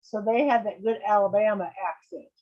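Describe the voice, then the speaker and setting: A woman telling a story in an amused, unhurried way during a casual video call. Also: medium pitch, warm tone. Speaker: guest. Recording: dull lo-fi video call audio.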